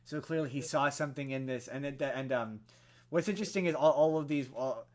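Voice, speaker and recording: A young man co-hosting a podcast, telling a film story in casual chat, full of fillers and restarts and growing animated as he goes. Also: medium pitch, fairly quick. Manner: rambling with many fillers and restarts, animated when excited. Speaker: podcast co-host.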